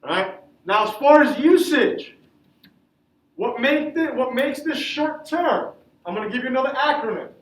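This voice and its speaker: A man with a very high voice teaches a class, tossing questions to the room and answering them himself. He sounds far from the microphone, and the classroom's echo hangs around his words. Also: expressive, normal speed. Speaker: Spanish teacher. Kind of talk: classroom lesson.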